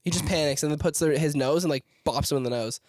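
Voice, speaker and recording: A man's voice: fairly high pitch, fast, darkish tone, dry recording, studio quality. A young man co-hosting a podcast, joking and swearing freely in casual chat. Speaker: podcast co-host.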